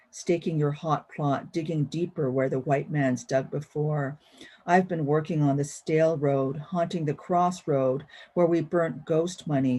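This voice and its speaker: Woman poet reading her poems slow and careful, quiet line endings, over a video call. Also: low voice. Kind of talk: reading own poetry at a live-streamed event.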